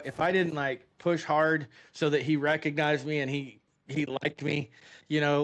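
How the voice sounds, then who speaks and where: A middle-aged man chats casually while he plays a game, his voice sitting a bit high for a man. He tells long, animated stories that ramble along, full of fillers and restarts. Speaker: gaming streamer.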